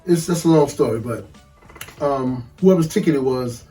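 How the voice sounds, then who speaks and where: A man casually telling a funny story, animated and profane, laughing often and acting out the voices of people in it. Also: medium pitch, moderate pace, distant mic, soft background music.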